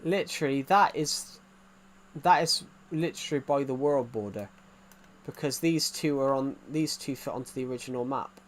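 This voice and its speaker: A man's voice: mid-range voice, moderate pace. A man casually chatting while streaming a game, rambling and reacting to viewers' comments. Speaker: gaming streamer.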